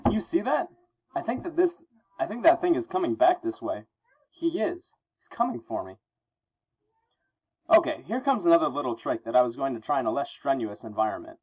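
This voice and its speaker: A man's voice: mid-range voice, big pitch swings, brisk, a little mellow, slightly rough. Man reading a jokey, frantic masked teen superhero, dull lo-fi sound. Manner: jokey, frantic, self-mocking. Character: young male masked superhero, wisecracking teen.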